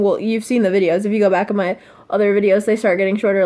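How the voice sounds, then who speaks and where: Teen girl vlogging, soft and halting, kinda upset, lots of ums and likes. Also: medium pitch, level tone. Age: teens. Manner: soft, halting, emotional, many fillers. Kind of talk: personal confessional vlog.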